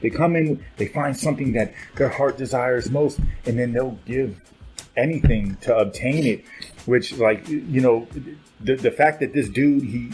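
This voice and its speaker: A man's voice: medium pitch, measured pace, darkish tone, faint music behind. A man co-hosting a film podcast, chatting in an easygoing, slangy way. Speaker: podcast co-host. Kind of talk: casual chat.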